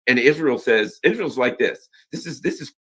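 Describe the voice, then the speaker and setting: A man's voice: mid-range voice, lively intonation, normal speed, a bit bright, husky. A man hosting a sarcastic political news commentary, mocking and ironic as he talks. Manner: mocking, heavy sarcasm with mock voices.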